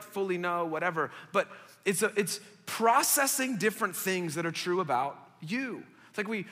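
A young man preaches to college-aged adults in a casual, storytelling way, with quick asides to the crowd. His voice is bright and forceful and sits a little high, and it rings with the long reverb of a church hall. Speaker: pastor.

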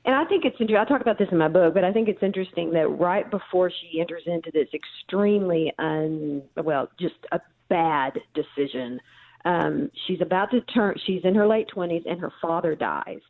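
A woman's voice: lowish voice, normal speed. Woman guest on a tinny phone line. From central Missouri. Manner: thoughtful storyteller with frequent ums. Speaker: author and guest. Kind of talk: phone interview.

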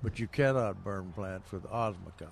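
A man's voice: low-pitched, moderate pace, vocal fry. Older guy, gardening show cohost, laughs through his stories, slight noise in the background. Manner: chuckling storyteller, rambling with many fillers. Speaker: gardening radio show co-host. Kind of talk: casual radio chat.

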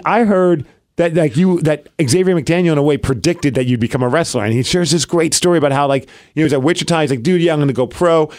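A man co-hosting a podcast, chatting casually and retelling a story with lots of quoted back-and-forth. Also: fairly high pitch. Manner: animated storyteller, acts out quoted dialogue. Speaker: podcast co-host. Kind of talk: casual chat.

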